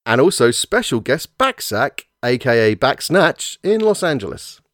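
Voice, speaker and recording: A man's voice: medium pitch, very animated, unhurried, a bit bright, no echo, clean studio sound. A man from England hosting a podcast in casual, profane, joking chat. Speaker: podcast host.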